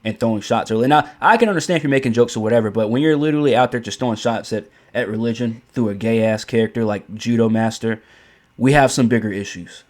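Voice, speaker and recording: A man delivers an opinionated commentary rant in an ordinary, mid-pitched voice. He is blunt and profane, circling back over his points and stumbling through restarts. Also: quick pace, a little mellow. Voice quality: blunt, profane, repeats himself. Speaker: commentary host.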